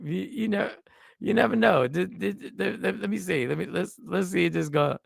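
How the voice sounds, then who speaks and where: Animated joking man with a gravelly voice. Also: sits high, moderate pace, no room sound, clean studio sound. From Puerto Rican background. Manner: animated, joking, rambling with restarts. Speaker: livestream host. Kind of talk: casual livestream commentary.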